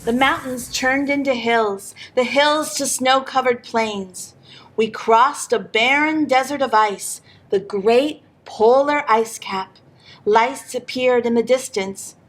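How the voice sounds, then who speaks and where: A woman reading a picture book aloud in an expressive storytelling manner for a library program. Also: high-pitched.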